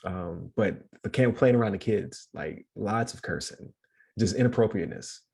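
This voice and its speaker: Gravelly, husky-voiced man chatting casually. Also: lowish voice, normal speed, dark tone. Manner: rambling, laughs often, many fillers. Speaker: podcast co-host. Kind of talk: casual chat.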